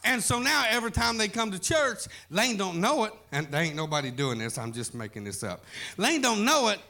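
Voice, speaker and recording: A man's voice: high voice, big pitch swings, brisk, vocal fry, bright, forceful tone. A man preaching a sermon, telling a folksy story as pastor.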